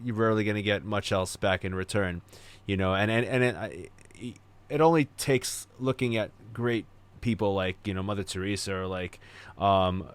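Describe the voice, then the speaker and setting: A man's voice: fairly low pitch, fairly even intonation, normal speed, clear, resonant tone. A man hosting a podcast, talking in an earnest, reflective way and repeating words for emphasis. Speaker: podcast host. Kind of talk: casual podcast conversation.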